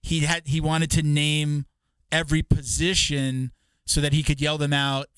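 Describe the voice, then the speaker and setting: A man's voice: a little high, level tone, a little slow, fairly bright tone, clear, resonant tone, no room sound. A man co-hosting a podcast, talking casually and rambling, swearing and restarting his sentences often. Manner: rambling, profane, with many restarts.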